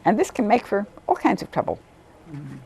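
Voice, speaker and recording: Animated woman telling tutoring stories. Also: brisk, husky. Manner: animated, acts out quotes in a higher voice. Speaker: volunteer literacy tutor. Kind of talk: storytelling interview.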